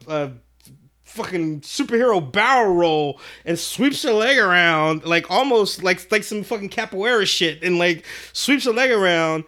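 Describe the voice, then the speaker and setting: A man hosting a podcast, telling a rambling, profane story and acting out the other people's voices with big jumps in tone. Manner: animated, acts out voices with big pitch jumps; profane, rambling with many restarts. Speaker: podcast host. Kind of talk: casual storytelling chat.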